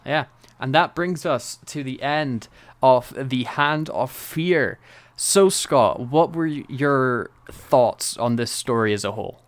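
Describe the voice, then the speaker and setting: Lively male podcast co-host. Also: mid-range voice, slow. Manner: animated, laughs often, acts out quotes. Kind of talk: casual chat.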